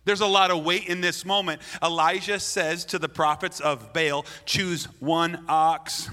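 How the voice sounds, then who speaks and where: A male preacher with a forceful, bright, slightly high voice delivers a blunt, playful sermon. He acts out the quoted lines. His voice rings through a large hall with a long reverb tail. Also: steady tone, normal speed. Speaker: pastor.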